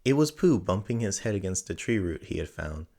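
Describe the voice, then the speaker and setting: Man, storybook narrator, lowish voice, gentle measured reading. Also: sing-song.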